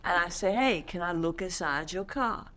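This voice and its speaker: With a bit of brightness in her lowish, animated voice, a woman hosts an interview series at a normal speed. She keeps things conversational, offers personal stories, and frequently seeks agreement with "right?".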